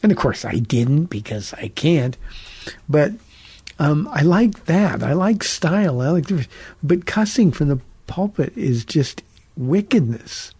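A man's voice: on the high side, sing-song, a little slow, dark tone, husky, dry recording. A man, a pastor, answering listener questions on a radio call-in teaching show in an earnest, conversational way with frequent restarts.

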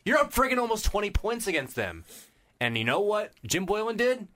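Lively, bright-voiced ranting sports host. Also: male voice, sits high, fairly quick. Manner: exasperated, mocking.

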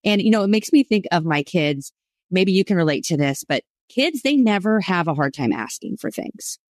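A woman's voice: fairly low pitch, lively intonation, moderate pace, darkish tone, dry recording, studio quality. A woman co-hosting a Bible study podcast, explaining scripture with enthusiasm. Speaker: co-host.

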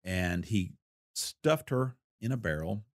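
A man with a slightly low voice recounts an old investigation in an interview, folksy and plain-spoken. He acts out the people he quotes. The recording is close and dry, with no room echo. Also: expressive, slow pace. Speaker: former federal investigator recounting a case. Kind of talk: storytelling in an interview.

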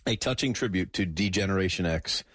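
A man's voice: sits low, a little fast, a bit bright, no echo, studio quality. A man hosting a radio golf show, chatting and chuckling with a guest. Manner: chuckling, friendly. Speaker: radio host. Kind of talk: casual chat.

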